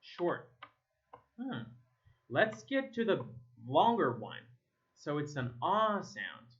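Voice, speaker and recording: A man from Egypt, a native Arabic speaker, teaching English pronunciation. He repeats single words slowly to contrast vowel sounds. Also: fairly high pitch, big pitch swings, fairly bright tone. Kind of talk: slow drilling of vowel sounds, repeat-after-me. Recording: slightly dull lo-fi sound.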